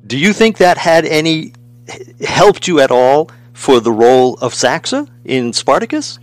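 A man's voice: fairly high pitch, big pitch swings, a little slow, no echo. A man hosting an interview, asking questions in an easygoing way and chuckling now and then. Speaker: interviewer, host. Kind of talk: casual interview.

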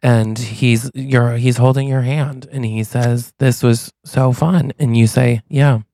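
A man co-hosting a comedy podcast, pitching a silly movie plot with playful storytelling and quick acted lines. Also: steady tone, gravelly, warm tone, dry recording. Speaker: podcast co-host.

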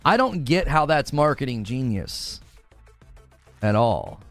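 A man's voice: medium pitch, very animated, takes it slowly, gravelly, fairly bright tone, no room sound, faint music behind. A man hosting a casual gaming livestream, reading viewers' chat comments aloud and laughing often. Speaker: gaming channel host reading live chat.

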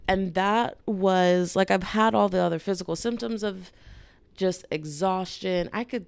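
A woman's voice: medium pitch, measured pace, creaky, clear, resonant tone. A woman in her twenties hosting a solo podcast, talking candidly and rambling in casual slang, her throat dry and irritated. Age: 20s. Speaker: podcast host.

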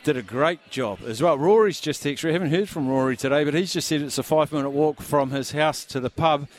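A man with a New Zealand accent hosting a live radio show, brisk and jokey as he reads out listener texts. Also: a little high. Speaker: radio host.

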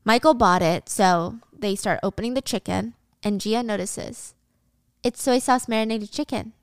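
A woman's voice: medium pitch, moderate pace, smooth, no room sound. A woman casually retelling a drama plot in a chatty, slangy way into a close mic. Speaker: drama recap narrator. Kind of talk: casual story recap.

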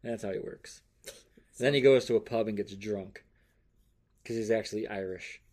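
A man's voice: fairly low pitch, normal speed, mellow. A man co-hosting a podcast in casual chat, joking and rambling with crude humor. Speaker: podcast co-host.

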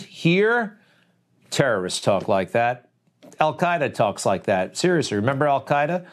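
A man's voice: medium pitch, very animated, measured pace. A man hosting opinion commentary, emphatic and scornful, firing off rhetorical questions. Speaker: commentary host.

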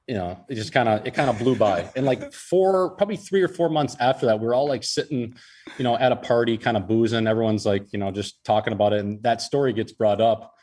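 A man's voice: mid-range voice, fairly quick, a little mellow. A young man in his twenties, a podcast guest, telling a long story in casual, rambling chat, swearing freely. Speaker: podcast guest, hockey player.

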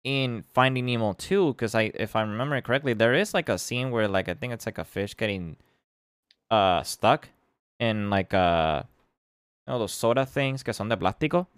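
A man's voice: on the low side, moderate pace, clear, resonant tone, no room sound, clean studio sound. A man co-hosting a casual podcast, rambling and dropping Spanish words into his English. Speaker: podcast co-host. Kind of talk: casual chat.

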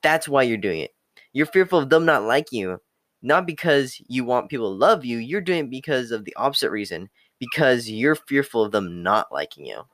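A man's voice: medium pitch, big pitch swings, a little fast, fairly bright tone, no room sound. A young man giving a blunt, profane motivational rant, repeating catchphrases like okay and the hard truth. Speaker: self-improvement talker.

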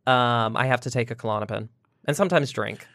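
A woman's voice: extremely low pitch, fairly quick, a bit bright, no room sound, studio quality. A woman chatting casually with a co-host, giggly and playful. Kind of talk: casual chat.

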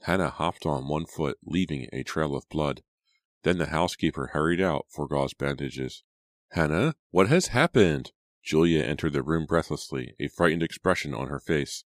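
A man with an extremely low, deep voice narrates a story at a steady, measured pace. The recording is close and dry. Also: dry recording. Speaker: audiobook narrator. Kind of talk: scripted narration.

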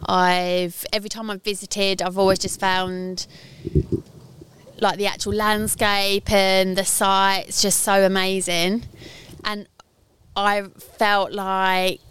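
A chatty woman co-hosting a casual podcast, rambling through her stories with plenty of fillers. Her voice is smooth and clear, recorded outdoors in a garden. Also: mid-range voice, level tone, slow pace, fairly bright tone. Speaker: podcast co-host. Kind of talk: casual chat.

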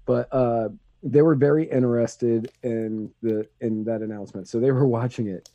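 A man's voice: medium pitch, fairly even intonation, normal speed, mellow, no room sound, highs cut off. A man in casual political chat, telling a story in a laid-back way with many fillers.

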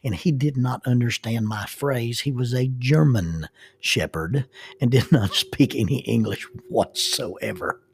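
A middle-aged Southern man with a medium-pitched, creaky voice tells folksy travel stories at an unhurried pace. He pokes fun at himself and laughs as he goes, in a casual storytelling style.

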